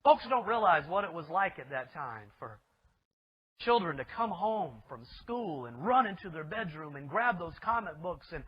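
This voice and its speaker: Guy preaching high and emphatic, lots of rhetorical questions, muffled lo-fi recording. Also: very animated, normal speed. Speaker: pastor. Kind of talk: sermon. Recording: dull lo-fi recording.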